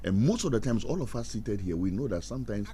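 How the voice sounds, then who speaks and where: Faint background noise accompanies a middle-aged man giving preacher-like marriage advice on a radio talk show. His voice is fairly low and quick, and he's animated, staging quarrels with put-on voices and laughing at his own jokes.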